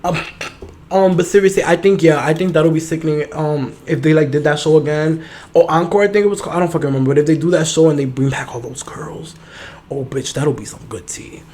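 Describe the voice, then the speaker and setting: A man's voice: fairly high pitch, quick pace, a little mellow, breathy edge. A young man hosting a solo podcast, chatting casually in a sassy, profane, campy manner. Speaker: podcast host.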